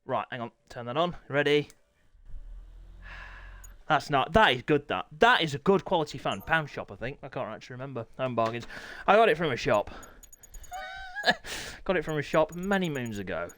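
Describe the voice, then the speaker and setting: A man hosting a live stream, commentating sim motorbike racing and chatting with viewers, often clearing his throat. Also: mid-range voice, expressive, fairly quick, a bit bright, no echo.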